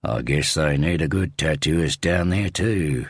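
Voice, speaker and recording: A man voicing a hard-living male tattooist with wry, unhurried banter in an audiobook. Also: rumbling low, husky, dry recording, clean studio sound, full character voice.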